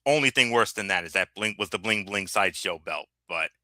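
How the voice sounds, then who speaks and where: A man co-hosting a casual wrestling recap chat, animated and full of stammered restarts. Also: lowish voice, fairly quick, dry recording. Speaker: podcast co-host.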